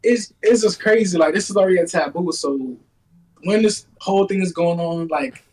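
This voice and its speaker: A high-pitched man from Nigeria answers interview questions over a video call. He rambles and restarts, leaning on fillers as he goes. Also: a little mellow, poor audio. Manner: rambling, halting, lots of fillers. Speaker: interview guest.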